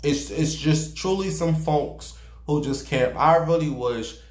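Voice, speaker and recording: A man's voice: on the high side, a little slow. A man giving sassy, profane gossip commentary and dramatic storytelling as a vlogger. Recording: roomy echo.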